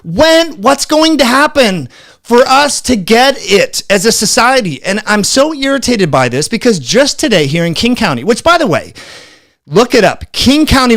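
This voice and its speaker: Exasperated male health vlogger, raspy edge, halting delivery. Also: high-pitched, a bit bright, no echo. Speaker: health channel host. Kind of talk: frustrated video rant.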